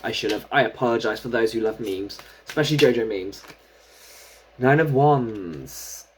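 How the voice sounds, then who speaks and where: Brief: tarot reader, mid-pitched, casual and chatty, muses aloud over each card. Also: expressive, normal speed, darkish tone, slight background noise. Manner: chatty, thinking aloud while drawing cards. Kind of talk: casual solo tarot reading.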